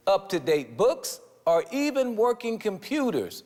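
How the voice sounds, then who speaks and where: A man's voice: high-pitched, animated, a little fast, in a large hall, soft background music. A man hosting a talk show, asking pointed questions and pushing his guests for answers.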